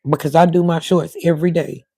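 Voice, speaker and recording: A woman's voice: sits low, steady tone, fast, vocal fry, mellow, slightly rough, no room sound. A middle-aged woman, rambling casually to her viewers on a livestream, her voice cutting in and out. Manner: rambling, talks to viewers in chat. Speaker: livestream host.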